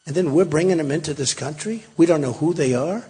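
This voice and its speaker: A man in his sixties with a fairly high, fast, mellow and husky voice gives a campaign rally speech as a political candidate. He rambles emphatically in a large hall, repeating himself and tossing asides to the crowd, with long hall reverb on the recording.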